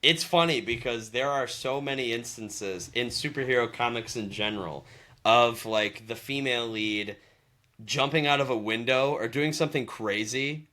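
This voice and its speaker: A young man with a bright, forward voice and an ordinary pitch, chatting casually as a podcast co-host. He talks in an animated way, laughs often and acts out lines from the scenes he recalls. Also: moderate pace. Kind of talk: casual chat.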